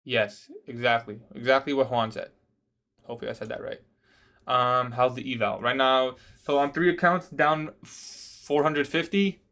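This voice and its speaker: A man's voice: medium pitch, fairly even intonation, moderate pace, pushed and bright. A young man day trading on a livestream, talking casually, reading out viewer questions and answering with a laid-back "bro" manner. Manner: casual, says "bro" often, laughs at odd questions.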